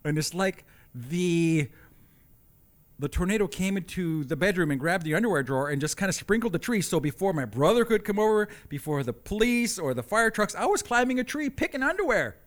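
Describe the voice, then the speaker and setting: Animated, lively-pitched male storyteller. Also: brisk. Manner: animated, deadpan asides. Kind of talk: comic personal storytelling.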